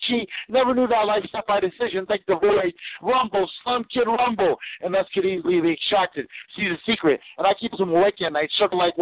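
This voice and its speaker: A man's voice: sits high, no echo. A man performing raw, profane spoken-word poetry on a radio show. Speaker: poet. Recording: tinny phone line.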